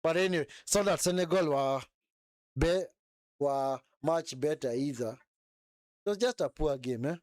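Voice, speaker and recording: Speaking at normal speed with long pauses, a young man with a fairly high, darkish voice hosts a live football watch-along. He mocks and scolds the players in an extended rant, doing whiny impressions of them. The studio-quality recording has no room sound.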